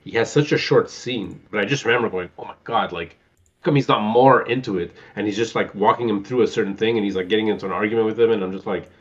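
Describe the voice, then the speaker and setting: A man's voice: lowish voice, quick pace. A man in casual chat, rambling and searching for names as he retells film scenes. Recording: muffled lo-fi recording.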